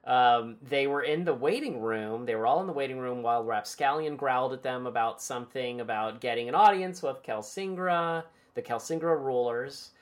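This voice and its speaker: A woman's voice: a bass voice, moderate pace, hardly any pauses. A woman hosting a podcast and recapping a book chapter in casual, irreverent chat, swearing and laughing easily.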